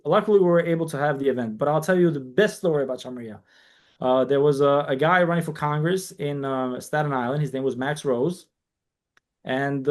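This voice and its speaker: A man who grew up in New York, a guest on a casual podcast interview, telling long stories and quoting people in dialogue. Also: fairly high pitch. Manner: animated storyteller, quotes people in dialogue, frequent restarts. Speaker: guest, community organization founder.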